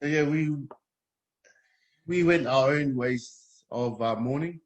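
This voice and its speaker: A Polynesian man talking candidly as a guest, in a hesitant, halting, soft-spoken way. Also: mid-range voice. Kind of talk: candid personal conversation.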